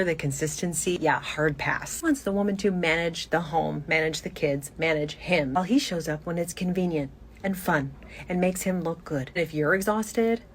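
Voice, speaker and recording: A woman's voice: lowish voice, slight background noise. A woman giving an emphatic, preachy monologue to camera.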